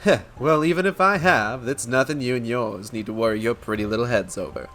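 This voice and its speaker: A man voicing a charming, smooth-talking male rogue in a game, with a theatrical British-tinged drawl. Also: medium pitch, a little fast, a bit bright, slight background noise, close to an everyday voice. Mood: roguish.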